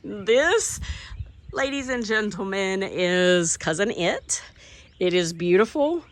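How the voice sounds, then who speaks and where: A woman's voice: fairly low pitch, fairly bright tone. Chatty Southern woman touring her garden. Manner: chatty and enthusiastic, gushing over plants. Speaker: garden vlogger. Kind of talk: casual garden tour narration. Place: outdoors in a home garden.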